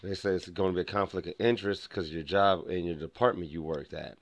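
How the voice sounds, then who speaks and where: A man's voice: deep voice, fairly even intonation, fast talker, no echo. A young man vlogging, telling a rambling personal story full of restarts and acted-out dialogue. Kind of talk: casual storytelling to camera.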